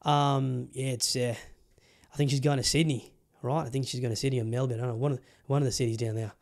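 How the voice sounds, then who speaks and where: A man hosting a solo podcast in an easygoing, rambling way. His voice sits at an ordinary middle pitch, full of fillers and casual swearing. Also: level tone, fast, darkish tone. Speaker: podcast host.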